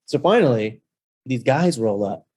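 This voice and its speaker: A man of Mexican heritage, a rental-business guest on a podcast, telling a story in a playful, animated way with acted-out quotes. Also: mid-range voice, unhurried. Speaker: guest, short-term rental host. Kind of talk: casual storytelling.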